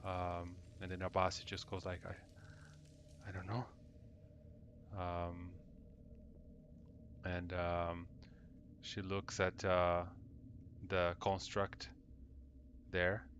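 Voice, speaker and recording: A man narrates a tabletop adventure as dungeon master, in a low voice, loose and full of fillers. A faint hum sits behind him. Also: completely flat delivery, drawn-out words, long pauses, fairly bright tone. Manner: loose, hesitant, lots of fillers.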